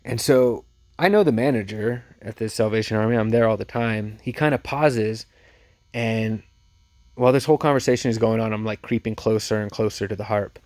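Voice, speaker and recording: A man who resells thrift finds, telling a story casually and with lively energy. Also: lowish voice, a little fast. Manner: chatty, animated retelling with laughs.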